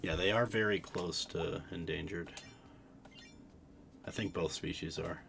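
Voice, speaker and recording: A man's voice: deep voice, fairly even intonation, unhurried, gravelly, a bit bright, slight background noise. A tired man chatting casually while streaming a fishing game, rambling and breaking off mid-sentence. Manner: rambling, self-interrupting, chatty. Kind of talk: casual gaming stream chat.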